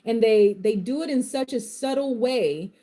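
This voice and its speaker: A woman talks straight to her viewers on a live stream, by turns gently reassuring and fiercely worked up. Her voice sits a little high yet sounds warm and mellow, and her speech is loose and colloquial, full of Southern turns of phrase. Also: moderate pace. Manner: impassioned, swings from soft comfort to fired-up outbursts; uses Southern vernacular. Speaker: live tarot reader. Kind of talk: live-stream reading and pep talk.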